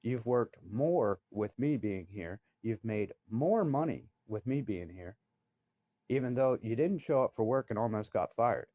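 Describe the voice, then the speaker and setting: A man's voice: mid-range voice, lively intonation, measured pace, mellow, no echo. A man telling a work story in a blunt, heated, profane way. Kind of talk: casual storytelling.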